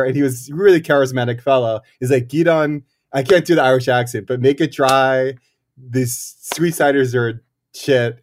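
A man, a cider maker and guest, talking in a thoughtful, halting way with many fillers and restarts. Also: medium pitch, a little mellow. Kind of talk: casual interview talk.

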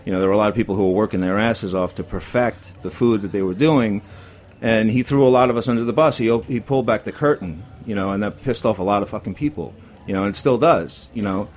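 A man's voice: fairly low pitch, fast, darkish tone. A man in his forties with a New York accent, a chef guest telling blunt, profane stories in a casual studio chat. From Brooklyn, New York.

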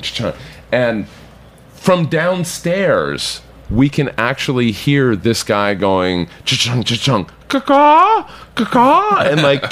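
A man, a bartender guest on a podcast, telling a rambling anecdote casually, swearing and acting out other people's lines. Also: fairly low pitch. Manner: animated anecdote-teller, swears, acts out others' voices.

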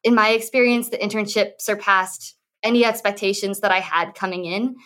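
A woman's voice: medium pitch, steady tone, moderate pace, a bit bright. Earnest young woman intern. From Washington, D.C. area. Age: young adult. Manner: earnest, sincere. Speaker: student intern.

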